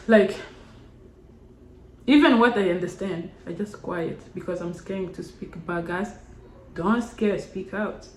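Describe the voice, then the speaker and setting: A woman vlogger, a Kinyarwanda speaker, giving casual encouraging talk with short repeated urgings. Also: medium pitch. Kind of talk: casual motivational talk to camera. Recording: roomy echo.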